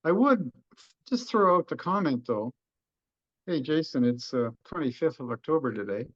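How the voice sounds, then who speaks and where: A man's voice: on the high side, expressive, moderate pace. A middle-aged man with a Texan accent, an economist explaining markets in a folksy, joking way during a webinar discussion. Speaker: economist guest. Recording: dull lo-fi webinar audio.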